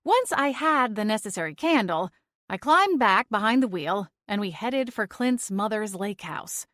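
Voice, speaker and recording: A woman narrating a first-person audiobook in an even, measured storytelling voice. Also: mid-range voice, dry recording, clean studio sound.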